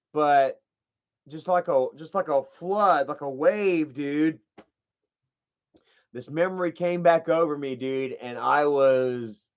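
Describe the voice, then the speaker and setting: A young man telling a rambling, profane story to his viewers in casual chat. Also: fairly high pitch. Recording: dull lo-fi stream audio.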